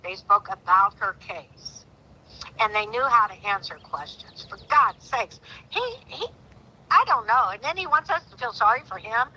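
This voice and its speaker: A woman's voice: on the high side, lively intonation, normal speed, sharp tone, slightly rough, rough recording. A woman in her sixties calling in to a live stream, talking earnestly and pleadingly, her voice rising sharply when she grows indignant. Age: 60s. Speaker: caller. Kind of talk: emotional call-in on a live stream.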